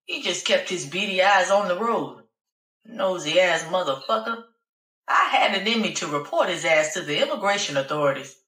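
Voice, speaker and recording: Sassy woman narrating an audiobook, bright tone. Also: lowish voice, very animated, fairly quick, roomy sound, recorded from a distance, poor audio. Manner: sassy, profane, conversational. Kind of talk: first-person audiobook narration.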